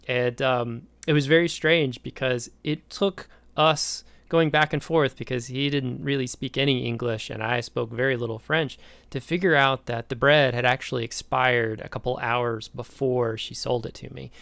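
An American man giving a recorded lecture, telling a story from his own life in an animated way. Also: medium pitch, vocal fry, no room sound. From United States. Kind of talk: recorded lecture with a personal anecdote.

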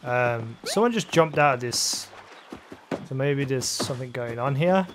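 A man's voice: medium pitch, lively intonation, a little slow, background noise. A man playing a video game and casually thinking aloud, muttering with fillers as he commentates. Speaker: gaming channel host. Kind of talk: let's play commentary. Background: background music.

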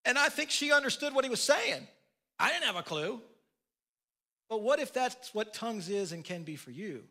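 A man's voice: very high voice, sing-song, moderate pace, bright, forceful tone. An older man preaching a sermon as pastor, telling folksy family stories with asides. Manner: folksy storytelling with laughs and asides.

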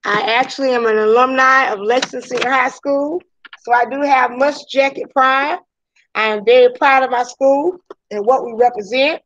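A woman's voice: high voice, steady tone, normal speed, fairly bright tone, muffled recording. A woman teacher talking casually to her class over a video call, taking the roll and introducing herself in a chatty Southern US way. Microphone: video call audio.

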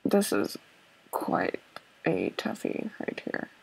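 A woman's voice: takes it slowly, low-quality recording. A woman narrating her own puzzle-game play, thinking aloud in a hesitant, self-doubting way with many fillers and repeated okays. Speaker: let's play gamer. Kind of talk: thinking-aloud gameplay commentary.

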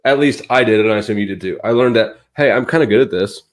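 A man's voice: lowish voice, fast talker. A man in casual conversation, telling blunt childhood stories, swearing freely and laughing as he talks. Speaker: guest.

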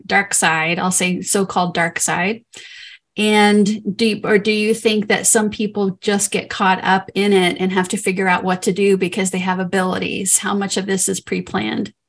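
A woman hosting an interview and summarizing a question from a listener. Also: medium pitch. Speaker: podcast host.

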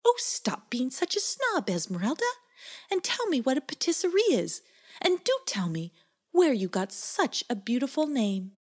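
A woman doing a squeaky, cheerful little goop girl. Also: sing-song, moderate pace. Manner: bright, eager and chatty.

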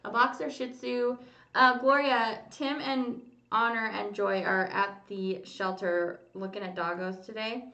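A woman's voice: mid-range voice, fairly even intonation, a little slow, vocal fry, pushed and bright, recorded from a distance. A woman hosting a casual livestream, chatting with viewers and reading their comments aloud. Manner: chatty, reads comments aloud, hums while waiting. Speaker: livestream host. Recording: lo-fi roomy home stream audio.

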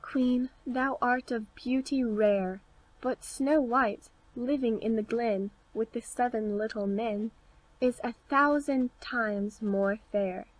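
A solemn magic mirror from a storybook, voiced by a woman reading aloud. It speaks slowly and deliberately, like a formal pronouncement. The tone stays fairly high and even. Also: rough recording. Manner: slow, measured pronouncement.

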